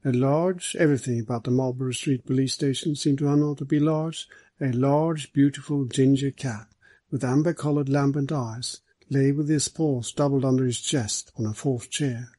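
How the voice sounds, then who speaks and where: A man narrating an audiobook in a steady, measured way. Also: mid-range voice, no echo, poor audio.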